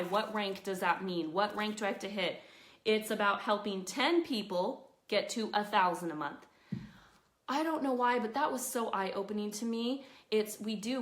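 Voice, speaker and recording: A woman talking live to her network marketing team, chatty and earnest, giving motivational highlights. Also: a bit bright, reverberant. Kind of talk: casual Facebook Live talk.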